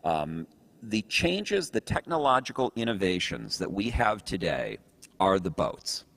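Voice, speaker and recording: A man's voice: sits low, very animated, a little slow, vocal fry, fairly bright tone, dry recording. A man giving a motivational talk, telling a story in an earnest way and often restarting his phrases. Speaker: speaker.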